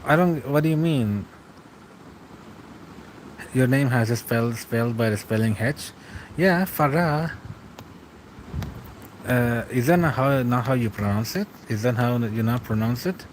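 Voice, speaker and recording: Young male streamer, mid-pitched, rambling chat replies, faint vehicle hum behind. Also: a little slow, pauses often, low-quality recording. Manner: rambling, reads and answers chat, chuckles often. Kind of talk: casual late-night stream chat.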